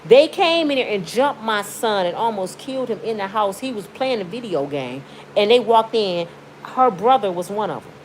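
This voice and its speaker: Here a Michigan YouTuber in middle age pours out an emotional rant from her bed, pleading and outspoken, moving from anger to tears. Her pitch is medium, her intonation lively, her pace moderate. The audio is poor, with slight noise in the background.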